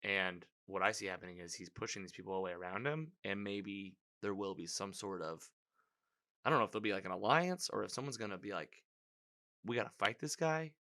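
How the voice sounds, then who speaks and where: Male recapper, somewhat low voice with a crisp, forceful edge; loose, chatty, reactive delivery. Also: brisk. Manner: rambling, filler-heavy, animated reactions. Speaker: TV episode recapper. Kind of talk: casual spoken episode recap.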